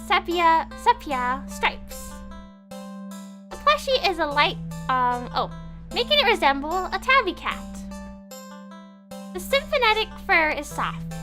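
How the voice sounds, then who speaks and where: A young woman streamer reading a visual novel aloud, playful and expressive, with squeaky gasps, giggles and asides to her viewers. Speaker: streamer and voice actress.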